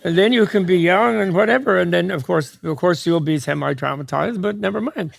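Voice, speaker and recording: A man's voice: sits high, gravelly. A man giving a dharma talk to an audience as a Buddhist teacher, digressive and joking, often restarting mid-thought. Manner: digressive, joking, quick asides with laughs.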